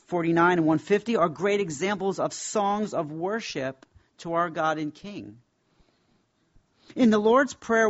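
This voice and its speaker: A man's voice: high voice, fairly bright tone, dull audio. Emphatic man teaching a Bible class. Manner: emphatic, reverent, with slow deliberate stresses.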